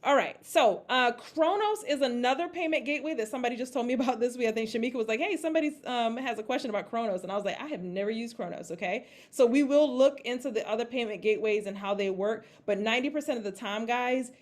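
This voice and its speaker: Chatty woman teaching a group, higher voice. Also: fast talker, few pauses. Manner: chatty, repeats "okay?" and "all right?" to check in; acts out her own panicked reactions in a raised voice. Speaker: crypto investing presenter. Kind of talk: casual instructional talk to a group.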